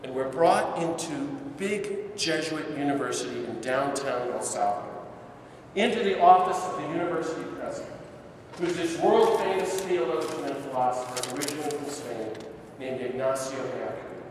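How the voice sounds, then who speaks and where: A man's voice: mid-range voice, lively intonation, moderate pace, slight background noise. A middle-aged man, a priest, telling stories to a church audience with impassioned, building emphasis. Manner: impassioned, rising to emphatic peaks. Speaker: priest giving a talk. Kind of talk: church talk, storytelling. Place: large church hall. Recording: echoey church hall, distant mic.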